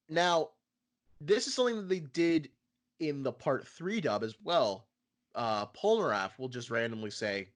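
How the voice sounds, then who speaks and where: A man co-hosting a casual fan podcast, animated and profane, often laughing and putting on voices. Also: a little high. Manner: animated, swearing, laughing, mimicking characters. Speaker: podcast co-host.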